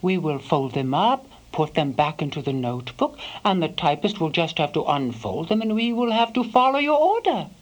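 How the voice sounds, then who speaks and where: A woman playing a devoted elderly housekeeper, recalling her employer in a soft first-person monologue that sometimes sinks to a whisper. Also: sits low, very animated, normal speed, few pauses, rough recording. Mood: wistful. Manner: soft-spoken, slips into hushed whispers.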